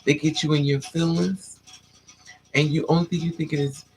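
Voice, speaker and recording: At a moderate pace, with faint music playing behind, a livestream host gives a candid monologue, sassy and blunt. Her stories are dotted with "honey" and "child," and she animatedly shifts into dramatic high-pitched put-on voices for the other characters.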